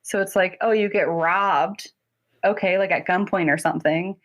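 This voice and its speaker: A woman guest therapist talking casually in an interview, chatty and quick, laughing often and saying "like" a lot. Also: on the low side, fairly even intonation. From North Carolina, US.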